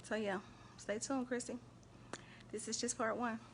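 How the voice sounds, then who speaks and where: A woman hosting a casual faith and relationship live stream, chatting animatedly and shouting out viewers by name. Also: fairly high pitch, fairly even intonation, unhurried, slight background noise.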